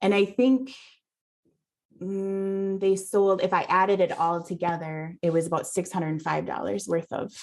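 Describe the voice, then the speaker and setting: A woman's voice: fairly low pitch, fairly even intonation, measured pace, darkish tone. A woman guest on a podcast, chatting casually and telling at length about the items she has found to resell. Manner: chatty, telling her own finds at length. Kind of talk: casual interview chat.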